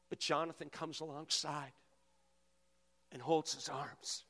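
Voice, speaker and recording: A male pastor delivers a sermon in a high, bright voice, pressing his congregation to answer him aloud. His words ring out with a long echo across a large auditorium. He rises in fervor as he speaks. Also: level tone, slow pace, pauses often. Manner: preaching with rising intensity, calling on the audience.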